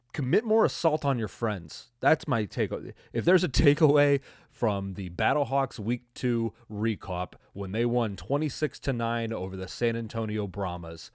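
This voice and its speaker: A man's voice: fairly low pitch, no echo, clean studio sound. A man hosting his own football recap podcast, talking in a casual, profane, rambling way with jokes and laughs. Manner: profane, rambling, joking, with frequent laughs and fillers. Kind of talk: casual solo recap commentary.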